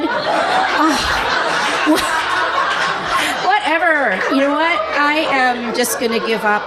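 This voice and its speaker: A woman's voice: high voice, slow, very noisy. A middle-aged woman doing a stand-up comedy set, chuckling through her own punchlines.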